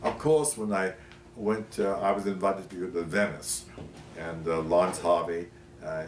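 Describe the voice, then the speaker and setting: A man's voice: low voice, unhurried. Older man telling stories, distant roomy sound. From Pennsylvania, USA. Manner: animated, many fillers and restarts, acts out quotes. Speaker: interview guest. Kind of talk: anecdotal storytelling. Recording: roomy, distant mic, faint noise.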